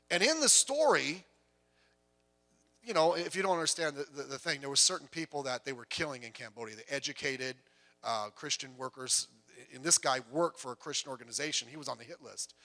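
Middle-aged male pastor, conversational sermon with acted-out anecdotes, bright tone. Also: on the high side. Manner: conversational storytelling, acting out quoted dialogue.

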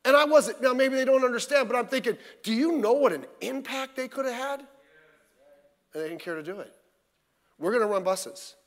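High-voiced pastor preaching in a big echoing hall. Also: male voice, moderate pace, fairly bright tone. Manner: conversational, folksy preaching with rhetorical questions. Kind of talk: sermon. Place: church. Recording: reverberant church hall.

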